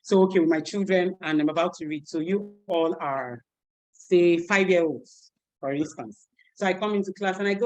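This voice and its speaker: A woman's voice: lowish voice, normal speed, highs cut off. A woman teacher and storybook author, playfully demonstrating how she reads a story to young children in class. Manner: animated, playful, laughing.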